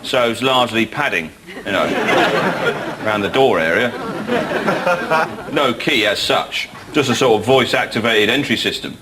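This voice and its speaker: A man's voice: lowish voice, normal speed, pauses often, a loud crowd, very noisy. A British man doing a wry, rambling, self-mocking comic monologue. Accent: British English. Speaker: comedian.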